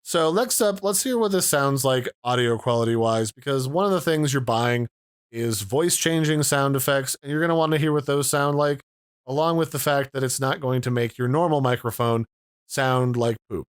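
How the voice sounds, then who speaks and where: A man's voice: mid-range voice, normal speed, smooth, dry recording, clean studio sound. A man reviewing and unboxing an audio mixer in a casual, explanatory way. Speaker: tech reviewer.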